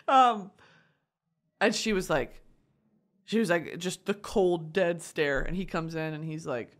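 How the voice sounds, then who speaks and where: A woman vlogger retelling a story casually, swearing freely, laughing and shouting at times. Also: fairly low pitch, moderate pace. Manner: animated, profane, breaks into laughter and shouts.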